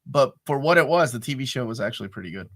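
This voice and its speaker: A man's voice: medium pitch, expressive, fast talker, fairly bright tone. A man who teaches film, co-hosting a casual film discussion and talking in an enthusiastic, emphatic way.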